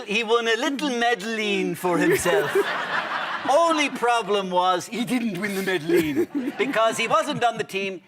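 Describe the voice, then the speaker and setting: A man's voice: sits high, pitched above the performer's own voice. A man playing a pompous old Irish broadcaster. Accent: Irish (put on). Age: older. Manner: pompous, patronising, folksy. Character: impression of an older male Irish broadcaster, patronising.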